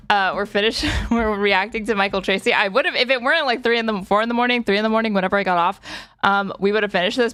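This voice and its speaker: A woman's voice: medium pitch, fairly bright tone, smooth, no room sound, studio quality. A young woman streaming casual commentary, sarcastic and often laughing.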